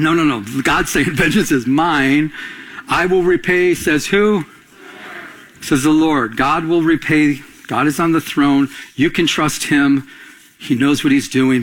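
Husky middle-aged male pastor preaching. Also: fairly high pitch, a bit bright, low-quality recording. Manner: call-and-response preaching, rising to emphatic peaks. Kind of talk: sermon.

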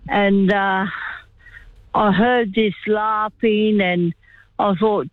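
A woman's voice: mid-range voice, fairly even intonation, very slow, pauses often, dry recording. Older woman on a tinny phone line. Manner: rambling, chatty, lots of "you know". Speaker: caller. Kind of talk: phone-in storytelling.

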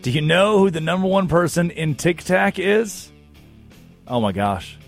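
Man, sports talk host, joking storyteller, lively swinging pitch, faint guitar music behind. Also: measured pace, gravelly. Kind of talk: casual comedic chat.

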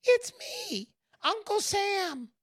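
A squeaky, high little voice of a tiny greedy taxman, put on by a woman. He pipes up cheekily from knee height, always wanting his cut. The sound is close and dry. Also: huge pitch swings, drawn-out words, no echo, heavily acted. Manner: grasping, cheeky.

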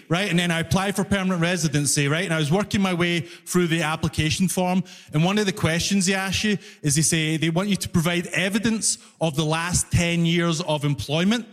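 A man doing a stand-up comedy set, telling stories animatedly, laughing often and shouting his punchlines. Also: sits high. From outside Canada, immigrant. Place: comedy venue with a live audience. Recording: long hall reverb, faint background noise.

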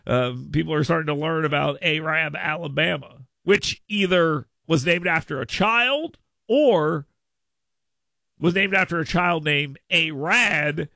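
Playful and full of mock proclamations, a man hosts a talk radio show, restarting his lines frequently as he banters into a studio mic. His voice is fairly high, creaky and sharp, his pace unhurried, and there's no room sound.

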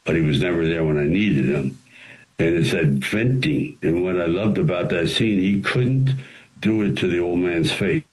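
Deep-voiced older man telling stories. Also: moderate pace, low-quality recording. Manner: rambling, animated storytelling with acted-out quotes. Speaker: interview guest, actor and writer. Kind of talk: anecdotal interview storytelling.

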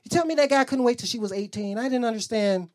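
A man's voice: very high voice, fast. A man doing a loose, rambling stand-up comedy set on a club stage, acting out bits.

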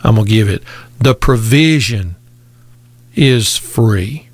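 A man preaching a sermon in a slow, deliberate way, repeating key phrases for emphasis. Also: on the low side, animated, dry recording.

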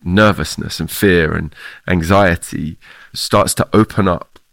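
A man's voice: deep voice, fairly even intonation, measured pace, creaky, fairly bright tone, no echo. A middle-aged man from the UK, a theater clown, answering interview questions reflectively and laughing often. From United Kingdom.

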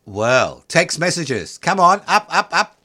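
A man's voice: fairly high pitch, big pitch swings, slow, pushed and bright, no echo, studio quality. A man hosting casual talk radio, jokey and teasing, drawing out words for emphasis. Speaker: radio host.

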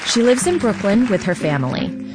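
A woman hosting a radio show, reading a scripted outro in a calm, measured way. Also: mid-range voice, background noise. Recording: radio broadcast over loud music and applause.

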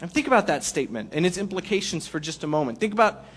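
A man preaching a sermon in a lively, conversational way with playful asides. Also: high voice, fast, husky. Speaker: pastor.

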